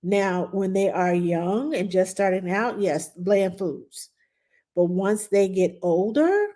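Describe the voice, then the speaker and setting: A middle-aged woman, a nanny giving chatty parenting advice and answering viewer questions on a live stream. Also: medium pitch. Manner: chatty, loose, reads viewer questions aloud and greets viewers brightly.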